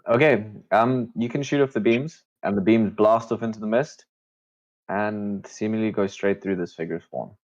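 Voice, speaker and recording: A man narrating a tabletop game as game master, slow, measured and hushed. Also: lowish voice, highs cut off.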